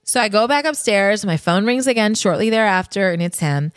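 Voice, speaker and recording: A woman's voice: mid-range voice, lively intonation, brisk, clean tone, dry recording. A woman in her fifties from the United States, a podcast host telling a personal story in a chatty, confiding way and talking straight to her listeners.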